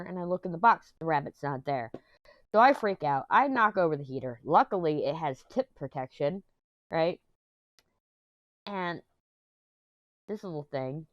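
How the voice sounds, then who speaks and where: A woman's voice: sits low, no echo, muffled recording. A woman vlogging from her home office, talking in a rambling, chatty way while getting over an illness that has left her throat sore. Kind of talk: casual chat.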